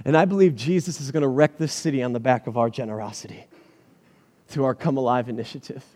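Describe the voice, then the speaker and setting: A man preaching a sermon from a church stage, energetic and animated, firing rhetorical questions at his congregation. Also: mid-range voice, fast talker, in a large hall. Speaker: pastor.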